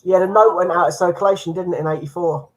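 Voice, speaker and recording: Husky man guessing quiz answers. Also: sits high, steady tone, fast talker, rough recording. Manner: chatty, jokey, talks through guesses. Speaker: quiz player. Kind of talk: casual chat during a quiz game.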